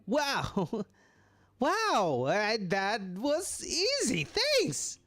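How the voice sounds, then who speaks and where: A man's voice: extremely high pitch, huge pitch swings, extremely slow, bright, forceful tone, voice pushed up, heavily acted. A man voicing a perky, teasing young woman in a game. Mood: cheeky. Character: bubbly, cheeky young woman, daughter. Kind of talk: reading a dating-game script aloud.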